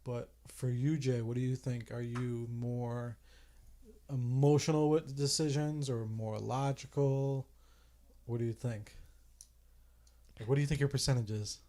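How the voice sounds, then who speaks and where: A man's voice: mid-range voice, fairly even intonation, measured pace, long pauses, mellow. A young man co-hosting a podcast, talking earnestly and swearing casually, often trailing off. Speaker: podcast co-host. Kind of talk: casual chat.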